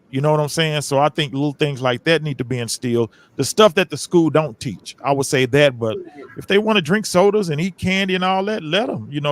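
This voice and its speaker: Man, higher-pitched voice, plain-spoken and reflective, relaxed chat. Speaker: podcast guest. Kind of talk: casual chat.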